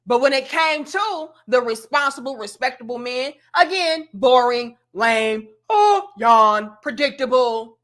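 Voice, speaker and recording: A woman's voice: high-pitched, animated, measured pace, few pauses, a bit bright. Blunt, sassy woman lecturing her audience. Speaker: commentary vlogger. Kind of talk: opinionated commentary rant.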